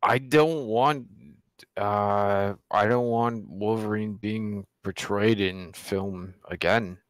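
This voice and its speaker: A man's voice: fairly low pitch, steady tone, slow pace, dry recording. A man in casual banter with friends, laid-back and dry.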